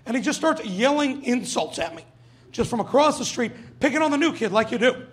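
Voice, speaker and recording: High-voiced brash stand-up comic man. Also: animated, fairly quick. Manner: brash, profane, acts out quoted voices. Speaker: stand-up comedian. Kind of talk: stand-up comedy set. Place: comedy club stage with audience.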